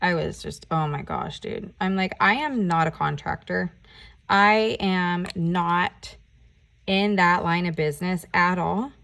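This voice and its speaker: A woman vlogger chatting casually while doing her nails, telling a story in an animated, ranting way and swearing often. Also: lowish voice, takes it slowly, gravelly. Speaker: nail art vlogger.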